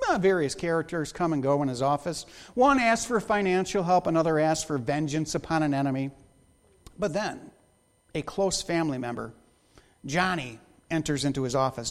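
A male pastor gives a sermon in a voice pitched high for a man. He moves between quiet prayer and lively, joking stories. His delivery is animated and full of wry asides.

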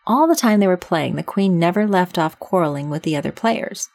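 Brief: woman narrator, measured storybook reading, dry sound. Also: lowish voice, lively intonation, vocal fry, a little mellow, no room sound.

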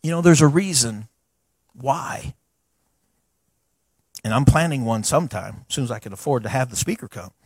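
A middle-aged man, a pastor preaching a sermon to his church in a folksy, animated way with chatty asides. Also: mid-range voice, moderate pace, long pauses, breathy edge, no room sound, clean studio sound. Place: church sanctuary.

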